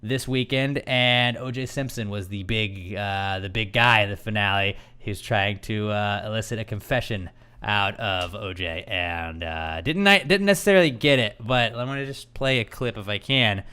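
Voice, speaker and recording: Young man, podcast co-host, casual chat, rambling storyteller, smooth clear voice. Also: fairly low pitch, moderate pace, pushed and bright. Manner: laid-back storytelling with many "like"s.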